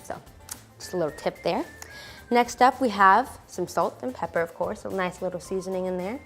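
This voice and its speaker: A woman's voice: mid-range voice, normal speed, a bit bright, faint music behind. A woman hosting a casual cooking demonstration, chatty and peppering her talk with "like". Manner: chatty, fills with "like". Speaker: cooking show host.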